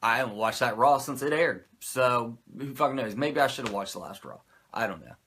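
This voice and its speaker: Rambling, foul-mouthed man with a lively voice. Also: mid-range voice, fairly quick, slight background noise. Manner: rambling, profane, self-mocking. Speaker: wrestling show reviewer. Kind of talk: casual commentary.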